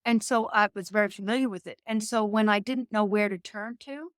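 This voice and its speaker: A woman's voice: mid-range voice, fairly quick, dry recording. A woman speaking as a podcast guest, with an earnest, motivational delivery. She takes her time over the words she wants to land. Her voice sits in a middle register and is recorded close and dry. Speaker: guest entrepreneur. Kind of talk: faith-based business interview.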